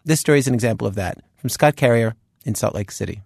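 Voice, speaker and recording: A man's voice: medium pitch, fast talker, vocal fry, darkish tone, no room sound, studio quality. A man hosting a radio show, introducing stories in a conversational, chatty way.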